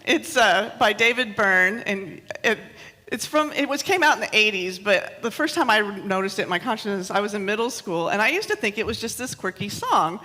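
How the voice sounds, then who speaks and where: Minister, woman in her 30s, bright tense tone, chatty self-mocking sermon in a reverberant church hall. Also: mid-range voice, expressive, normal speed. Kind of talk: sermon with personal stories.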